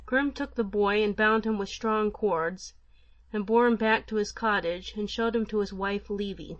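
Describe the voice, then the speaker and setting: A woman narrating an old folk tale for an audiobook in a measured, even manner. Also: mid-range voice, no room sound, muffled recording.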